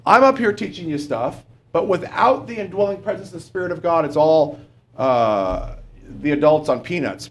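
Man preacher, conversational sermon, checks in with the congregation, animated pitch, voice sits a little high. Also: normal speed, a little hiss or hum. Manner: conversational, asks the congregation questions; often adds "okay?".

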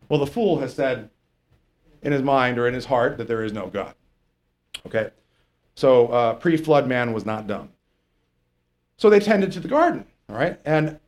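A man's voice: medium pitch, darkish tone. A man preaching a casual, conversational sermon to a congregation, often checking in with "okay?" and "right?". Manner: conversational, keeps asking "okay?".

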